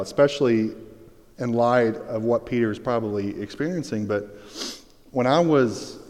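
A pastor telling a personal story in a sermon, swinging between hushed and excited. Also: male voice, medium pitch. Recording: long reverb of a large hall.

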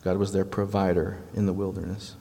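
A man's voice: sits low, flat delivery, a little fast, creaky, warm tone, slightly rough, in a large hall. A man with a Southern US accent preaching a Bible teaching in a conversational, explanatory way. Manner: conversational, explanatory, frequent restarts. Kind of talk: sermon-style Bible teaching.

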